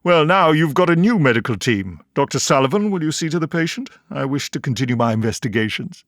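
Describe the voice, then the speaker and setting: A man voicing a calm, self-assured eccentric time traveller in an audiobook, brisk and authoritative. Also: a little high, dry recording, clean studio sound, pitched above the performer's own voice.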